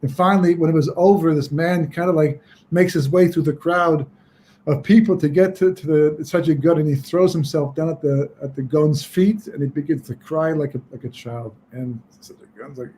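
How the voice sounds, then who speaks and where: A man with a fairly high voice teaching a webinar lesson as a rambling story, full of "you know" and restarts. A faint hiss runs under his speech from a computer microphone. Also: fairly even intonation, moderate pace, warm tone. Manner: conversational, many fillers and restarts.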